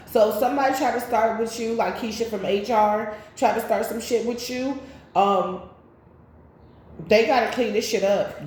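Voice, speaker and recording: A woman's voice: mid-range voice, a little hiss or hum. Echoey, chatty woman tarot reader. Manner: chatty, loose and profane, with sudden loud bursts. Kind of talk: casual spiritual reading and storytime. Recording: very echoey room.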